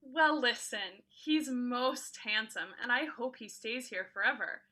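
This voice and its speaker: Woman doing a coy young maid with a crush, high and bright, confiding. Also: lively intonation, unhurried, exaggerated voice. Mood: dreamy. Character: dreamy, lovestruck young maid.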